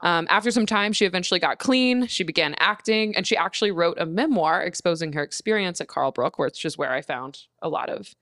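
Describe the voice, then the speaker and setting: A woman with a fairly low, smooth voice tells a story to her co-hosts in a loose, swearing podcast chat. The sound is close and dry, with no room around it. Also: lively intonation, a little fast, few pauses, fairly bright tone, no echo. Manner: swears freely, trails into laughs. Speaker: podcast co-host telling the story.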